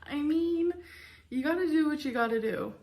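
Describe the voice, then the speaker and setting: A woman's voice: high-pitched, moderate pace, creaky, warm tone. A woman YouTuber casually reading out viewer secrets, chatty and giggly. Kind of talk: casual video chat.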